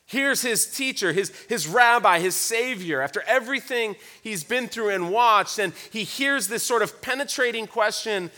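Male pastor, earnest reflective sermon, bright ringing voice. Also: high-pitched, animated, moderate pace, hardly any pauses. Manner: earnest, reflective, repeats words.

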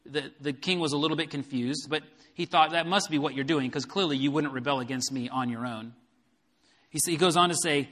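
A man preaches a sermon in a church sanctuary, taking the scripture passage verse by verse and putting it into plain, everyday words. His voice sits fairly high and has a bright, forceful edge. A long reverb from the hall trails behind each phrase. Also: fairly quick. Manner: expository Bible preaching with paraphrase. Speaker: pastor.

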